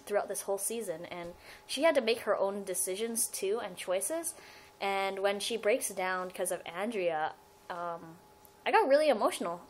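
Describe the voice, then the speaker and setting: A woman's voice: mid-range voice, a little hiss or hum, low-quality recording. Chatty young woman rambling on a webcam. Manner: rambling, giggly, self-interrupting. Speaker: fan vlogger. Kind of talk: casual fan vlog Q&A.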